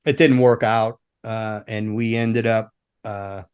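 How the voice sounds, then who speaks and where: A middle-aged American man, once a roadie, talks on a podcast in a fairly low, slow, smooth voice. He rambles through profane road stories in casual chat, acting out the people he quotes with animated flair.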